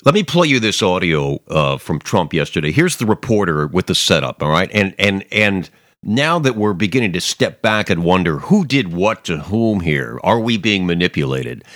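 A man's voice: deep voice, fairly bright tone, dry recording, clean studio sound. A middle-aged man hosting a podcast, giving rambling, emphatic political commentary with many restarts and mocking asides. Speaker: podcast host.

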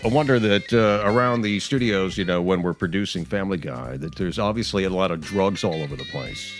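Low-voiced rambling man hosting a talk show. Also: a bit bright. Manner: chatty, digressive storyteller with frequent restarts and laughs. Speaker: radio or podcast host.

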